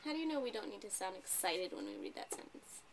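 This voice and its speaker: Tutor type, young adult woman, patient questioning delivery, slight fry, faint hiss behind. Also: medium pitch, wildly swooping pitch, quick pace. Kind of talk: one-on-one reading lesson.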